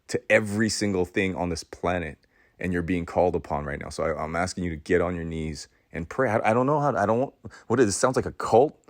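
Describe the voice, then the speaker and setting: A man with a very low voice delivers an intense, preachy monologue, hammering words by repeating them. He lurches from loud bursts down to hushed murmurs. The sound is close and dry, with no room echo. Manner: swings between loud outbursts and hushed, low passages. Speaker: podcast host. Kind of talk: impassioned spoken monologue.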